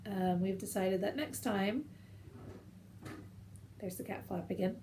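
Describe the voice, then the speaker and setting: A chatty woman in her thirties talks casually at home, her voice mellow and warm. She rambles from one story to the next in a relaxed way. A faint hum of noise sits behind her. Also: mid-range voice, a little slow. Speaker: knitting podcast host. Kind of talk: casual chat to camera.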